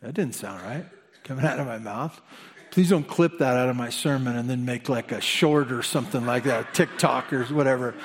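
A man preaching a sermon as pastor, animated and conversational, with humorous asides. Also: medium pitch, normal speed.

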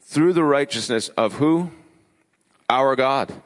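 A man preaching a sermon as pastor, emphatic, building his lists with rising pitch. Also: slow. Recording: long hall reverb.

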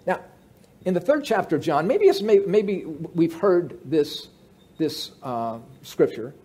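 A male pastor preaching a sermon, swinging between loud emphasis and hushed asides. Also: fairly high pitch, animated, slow pace, slightly rough.

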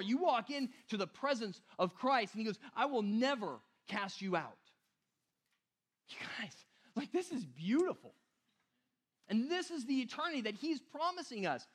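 High-voiced man preaching casually. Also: lively intonation, moderate pace. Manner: casual, conversational preaching with repeated "right?" and "you guys". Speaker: pastor. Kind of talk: sermon.

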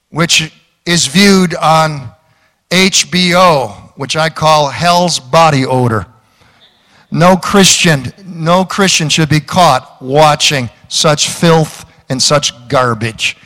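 A man's voice: a little high, fairly bright tone, in a large hall. A man preaching a sermon, folksy and joking, with emphatic calls to the congregation. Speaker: pastor.

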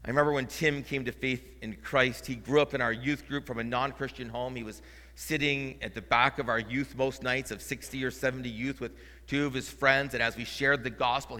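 A male interim pastor preaching a sermon, moving between quiet, earnest storytelling and loud, fervent proclamation. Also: medium pitch. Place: church sanctuary. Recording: church hall reverb.

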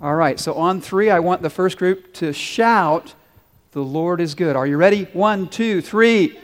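An earnest pastor preaches a sermon in a large church sanctuary, leading his congregation in call-and-response. He speaks unhurriedly in a high-pitched voice, and the recording carries a long hall reverb.

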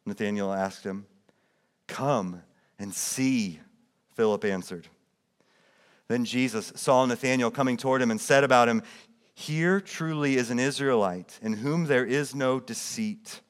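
A man preaching a sermon, reading scripture aloud and explaining it, rising in emphasis and then dropping quiet. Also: unhurried. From United States. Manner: drops soft and low when quoting quiet words. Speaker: pastor.

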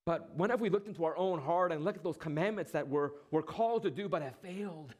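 Delivering a sermon in a high, slightly mellow voice, a pastor poses rhetorical questions and pauses for effect. Now and then he briefly acts out the lines he quotes.

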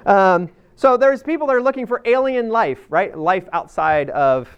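A man's voice: high-pitched, animated, moderate pace, smooth, lo-fi sound. A man teaching a Bible passage to a group in a conversational, emphatic way, often checking in with "right?" and using fillers. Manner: addresses a live group directly.

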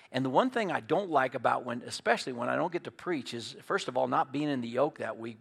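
A middle-aged man preaching a sermon as pastor, folksy and storytelling, moving between loud emphatic points and quiet earnest asides. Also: a little high, vocal fry.

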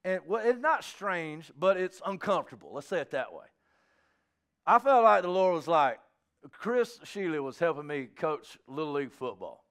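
High-voiced, animated man preaching. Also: normal speed. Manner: animated preaching with conversational storytelling and acted asides. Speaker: pastor. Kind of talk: sermon.

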